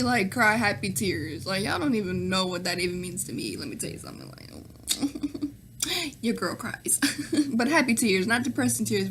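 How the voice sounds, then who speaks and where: A woman's voice: a little high, slight background noise. A young woman from Nashville with a Southern accent, chatting through viewer questions in a casual vlog, full of fillers and pet names, often laughing between answers. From Nashville, Tennessee. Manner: chatty, full of fillers and "girl", "sis", "y'all". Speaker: vlogger.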